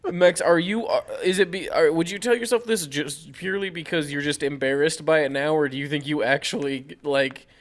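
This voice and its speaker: A young man in casual podcast chat, teasing and animated. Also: a little high, fairly quick, hardly any pauses.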